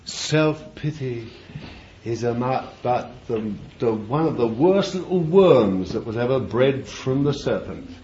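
Slow, animated male preacher, lo-fi. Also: mid-range voice. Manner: dramatic, shifts from quiet musing to loud cries; slow and deliberate, drawing out words. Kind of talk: sermon. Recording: dull lo-fi recording with faint ambient noise.

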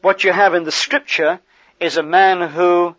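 A man preaching a sermon in a conversational, animated way, with asides to the congregation. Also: high voice, a little slow, dry recording, muffled recording.

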